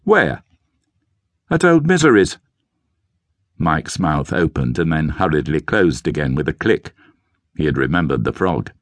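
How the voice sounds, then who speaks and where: A man narrating an audiobook story in a measured, expressive storytelling manner, recorded close on a studio mic. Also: a bass voice, dry recording. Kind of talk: scripted narration.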